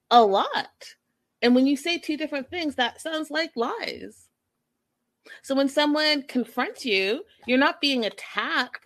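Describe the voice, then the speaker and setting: Young woman, sarcastic, blunt reality-TV commentator, a touch high.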